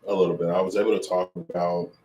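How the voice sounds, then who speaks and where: A man's voice: low-pitched, level tone, quick pace, warm tone, echoey room, poor audio. A man streaming casually at home, rambling and amused with himself while he cooks and eats. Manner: rambling, self-amused, talks with mouth full. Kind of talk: casual livestream chat while cooking and eating.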